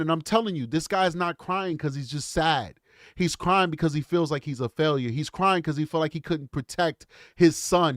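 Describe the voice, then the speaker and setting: A man's voice: on the high side, no echo, clean studio sound. A man hosting a live true crime stream, reacting bluntly and casually, often calling the audience bro and man. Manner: animated, blunt, calls listeners bro and man.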